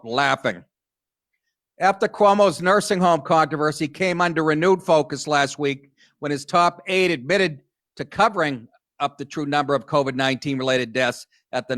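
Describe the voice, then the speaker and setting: A man's voice: medium pitch, fairly bright tone, no echo, clean studio sound. A middle-aged man hosting a comedy talk show, reading news stories aloud and riffing on them in a crude, sardonic way.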